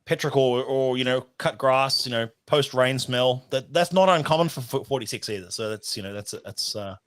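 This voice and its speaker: A man's voice: mid-range voice, fairly quick, fairly bright tone, clean tone. An Australian man chats loosely through a whisky tasting, circling his descriptions with "like" and "um". He sounds like he is on a video call, in an ordinary mid-range voice. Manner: rambling, searching for words with many fillers. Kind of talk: casual online tasting chat.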